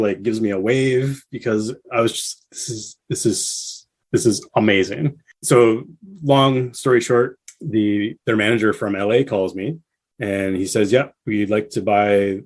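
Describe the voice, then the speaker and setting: A man guest on a casual podcast, telling a story with animated bursts when he quotes people. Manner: animated storyteller, acts out quotes with rising pitch.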